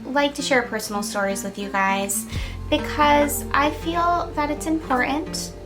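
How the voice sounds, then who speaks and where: High-voiced woman giving soothing reassurance. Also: steady tone, a little slow, loud music behind the voice. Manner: soft, reassuring, casual with fillers, laughs between lines. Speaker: crystal healer giving a channeled message. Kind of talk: gentle spiritual pep talk to camera.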